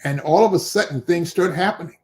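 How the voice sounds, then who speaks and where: In an interview, an older bishop and pastor recounts a story in a voice that sits high and moves a little fast. He brings it to life by performing the quoted lines of each character.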